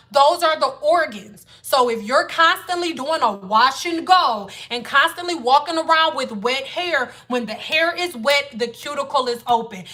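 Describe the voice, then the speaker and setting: A woman hair care educator with a high, sharp voice talks to viewers on a casual livestream. Blunt and exasperated, she swears a lot as she mixes a lesson with a rant.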